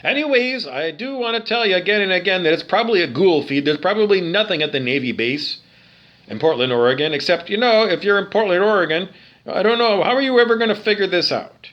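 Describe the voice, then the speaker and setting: Agitated man ranting with wild pitch swings. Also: lively intonation, fast, highs cut off. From Canada. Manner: agitated, repetitive, profane, rhetorical questions. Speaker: video monologue speaker. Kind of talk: ranting monologue to camera.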